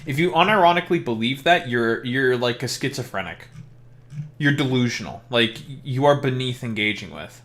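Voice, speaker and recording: A man's voice: medium pitch, expressive, normal speed, fairly bright tone. A man streaming while he plays a game, chatting casually in joking, profane rants. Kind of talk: casual gameplay chat.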